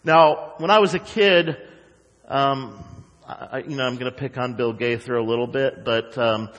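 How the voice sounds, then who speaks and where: A male pastor preaching a sermon to his congregation, animated, with sarcastic asides to the people in the pews. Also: mid-range voice, a little slow, long reverb tail, low-quality recording. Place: church sanctuary.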